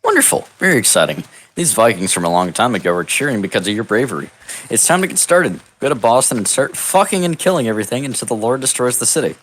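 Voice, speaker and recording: A man narrating an improvised comedic text adventure in a deadpan, mock-epic storybook manner over a voice call. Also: medium pitch, quick pace, slight background noise. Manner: deadpan, absurd storybook delivery. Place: online voice call.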